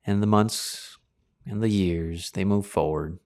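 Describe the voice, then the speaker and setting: A man's voice: low voice, takes it slowly, darkish tone. A man preaching a sermon in a dramatic, colloquial way, full of rhetorical questions.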